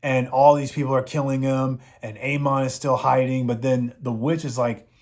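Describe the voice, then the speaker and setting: A man's voice: medium pitch, little pitch movement, normal speed, darkish tone. A man giving a casual, rambling episode recap, with frequent fillers. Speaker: show reviewer.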